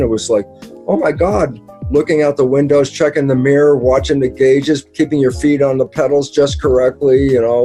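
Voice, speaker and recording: Male interview guest with a mellow, mid-pitched voice. Lively storyteller who acts out his own quotes, over faint background music. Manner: emphatic and repetitive, with occasional laughs and mild swearing. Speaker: guest speaker, biologist. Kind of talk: conversational explanation in an interview.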